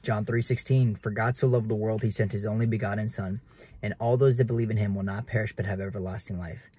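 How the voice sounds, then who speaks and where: A man's voice: fairly low pitch, fairly even intonation, fast talker, mellow, husky. A man in his twenties preaching earnestly to camera in casual talk, keeps calling viewers guys. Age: 20s. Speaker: realtor vlogger.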